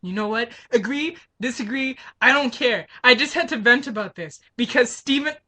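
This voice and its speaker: A woman's voice: on the high side, lively intonation, normal speed, sharp tone. A woman venting to camera in a political rant, heated and frustrated, firing off rhetorical questions. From Canada. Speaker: vlogger.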